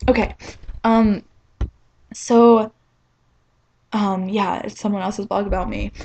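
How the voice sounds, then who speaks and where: A woman's voice: mid-range voice, steady tone, slow, vocal fry, darkish tone. A young woman telling a rambling, self-mocking story in a casual vlog, filling it with "like.". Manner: chatty and rambling, heavy on "like". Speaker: vlogger.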